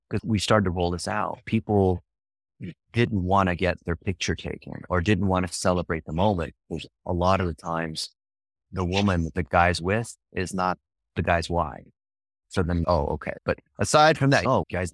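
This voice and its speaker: A man speaking as a podcast guest, telling marketing stories in an animated, emphatic way. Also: low voice, no echo. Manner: animated, emphatic, jumps into acted quotes. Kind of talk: casual interview storytelling.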